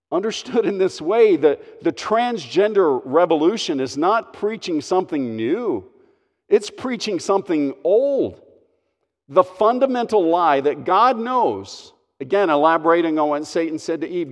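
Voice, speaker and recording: A man's voice: fairly high pitch, big pitch swings, a little slow, long reverb tail. A man preaching a sermon as a pastor, earnest and emphatic, stressing his phrases.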